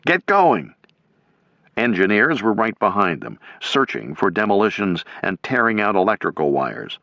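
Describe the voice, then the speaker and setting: A man reading a military history audiobook in steady, measured scripted narration. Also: on the low side, creaky, no echo. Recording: dull lo-fi.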